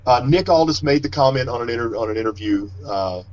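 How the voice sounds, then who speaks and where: A man's voice: mid-range voice, lively intonation, fast, darkish tone, no echo. A middle-aged man, a wrestler being interviewed, telling stories in a rambling way and often restarting his sentences. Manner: rambling, self-correcting, storytelling. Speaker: wrestler and guest. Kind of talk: casual interview talk. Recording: slightly dull lo-fi audio.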